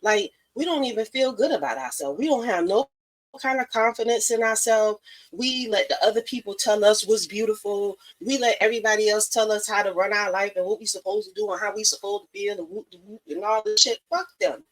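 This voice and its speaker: A woman's voice: medium pitch, animated, a little fast, low-quality recording. Blunt, profane woman giving advice. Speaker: podcast host. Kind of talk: casual live-stream monologue.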